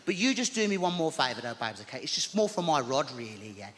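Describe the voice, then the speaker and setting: A man's voice: mid-range voice, sing-song, fast, a bit bright. A man voicing a fussy, gossipy older woman neighbour with a Birmingham accent, calling people babes. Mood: fussy gossip. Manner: chatty, calls people babes. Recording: live stage in a reverberant hall.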